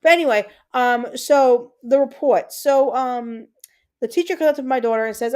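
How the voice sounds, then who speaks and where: A woman's voice: high-pitched, moderate pace, a little mellow. A woman in her thirties hosting a livestream, telling a family story in a chatty way and breaking off to answer her chat. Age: 30s. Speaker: livestream host. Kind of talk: casual chat with live chat viewers.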